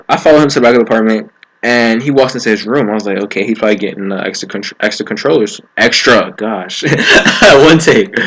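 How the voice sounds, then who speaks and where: A man's voice: mid-range voice, low-quality recording. A young man casually telling a personal story, slangy and often breaking into laughter. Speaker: vlogger.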